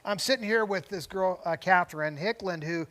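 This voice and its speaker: An older man with a high-pitched voice spins a long story in easy conversation. He wanders into tangents, restarts his sentences and chuckles along the way as a talk-show co-host. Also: brisk, fairly bright tone. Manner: rambling, goes off on tangents with frequent restarts; chuckles between phrases. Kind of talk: casual storytelling chat.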